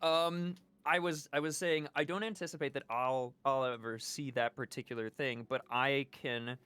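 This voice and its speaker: A man's voice: mid-range voice, steady tone, normal speed, bright, forceful tone, clear, resonant tone. A man from Chicago chatting as a podcast guest from home, rambling with restarts and laughing easily. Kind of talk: casual chat.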